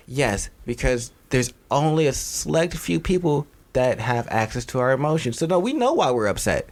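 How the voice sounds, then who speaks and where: Brief: male podcast co-host, medium pitch, loose and emphatic, swearing and laughing through casual chat. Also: sing-song, moderate pace, hardly any pauses, a little mellow.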